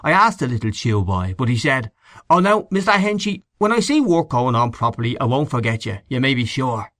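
A man's voice: mid-range voice, big pitch swings, fairly quick, fairly bright tone, no echo, clean studio sound. A man voicing a scornful middle-aged canvasser who grumbles and gossips in an audiobook reading, with a sneering, indignant manner. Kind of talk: audiobook character voice.

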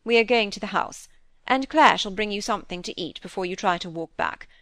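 A woman's voice: medium pitch, very animated, a bit bright, no echo. Woman doing a bossy posh older lady, storybook reading, dry close sound. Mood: concerned. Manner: commanding, brisk. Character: authoritative elder aristocratic lady.

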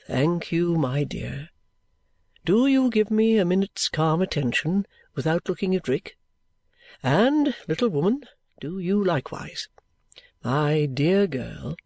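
A man reading the part of a kindly older male guardian in an audiobook, speaking in a cordial, measured, fatherly way. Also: a little high, very animated, vocal fry, darkish tone, no echo, exaggerated voice. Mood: gentle. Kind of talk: audiobook reading of a classic novel.

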